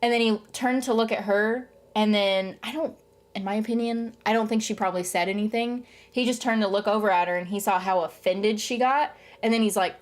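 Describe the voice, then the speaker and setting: A woman's voice: medium pitch, normal speed. Rambling young woman vlogger. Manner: rambling, frequent "um" and "like", animated retelling. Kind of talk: casual chat to camera.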